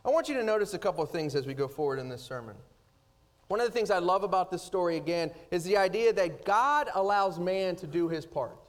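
A man preaching a sermon, swinging between loud, rising emphasis and hushed, slow passages. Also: sits high, animated. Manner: dynamic preaching, rising loud then dropping soft. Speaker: pastor.

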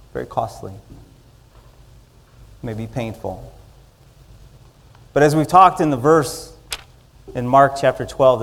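A man delivering a sermon at an evening service. He builds his lines up loud and then lets them fall to near-quiet endings. His voice sits at a middle pitch. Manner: dynamic, rising loud in the story and dropping to soft closings. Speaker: pastor.

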